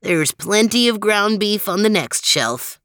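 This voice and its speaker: A woman's voice: mid-range voice, lively intonation, a little slow, a bit bright, dry recording, studio quality. A woman voicing a genial old male dog who leads the pack in a storybook. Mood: jovial. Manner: easygoing, chuckling host.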